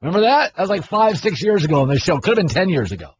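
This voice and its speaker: A middle-aged man hosting a sports talk radio show, arguing his opinions in a brash, animated way. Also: high voice, rapid-fire, husky. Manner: brash, argumentative, mimics people in loud voices. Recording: dull broadcast audio with faint noise.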